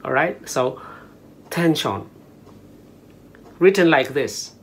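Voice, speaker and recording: Casting: tutor, unhurried and lively in pitch, switches between Tagalog and English. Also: slightly rough. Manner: mixes Tagalog and English, spells words letter by letter. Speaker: language teacher. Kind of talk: casual language lesson. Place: small room at home.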